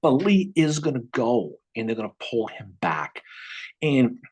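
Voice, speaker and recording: A man co-hosting a casual history podcast, telling the story with lively restarts and repeated words. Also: mid-range voice, unhurried, husky. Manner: animated, repeats words while thinking, acts out quotes. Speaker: podcast co-host.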